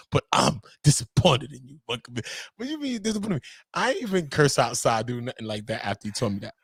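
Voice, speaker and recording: A man in casual podcast chat, ranting in animated, slangy bursts and laughing between points. His voice sits at an ordinary middle pitch. It is recorded close and dry, with no room sound. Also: husky, dry recording.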